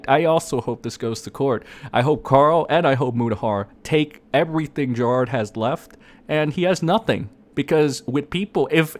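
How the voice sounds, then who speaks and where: A man ranting as an online commentator, sarcastic and profane, who often breaks into laughter. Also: mid-range voice.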